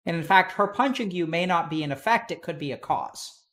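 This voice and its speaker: A man with a somewhat high voice talks through advice in a loose, conversational way. He is blunt and swears freely, and he acts out the people in the stories he tells. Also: animated, a little fast, fairly bright tone. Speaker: host giving advice.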